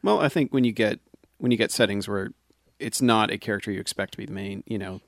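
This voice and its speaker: A man's voice: on the low side, fast, creaky, no room sound, studio quality. A man co-hosting a casual movie podcast, sarcastic and joking. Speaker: podcast co-host.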